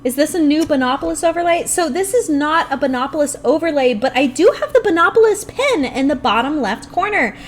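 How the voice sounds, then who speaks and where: A young woman streaming a video game live, talking to herself and her chat in an animated, playfully grumbling way. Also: high voice, a little fast, hardly any pauses. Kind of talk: live gameplay commentary.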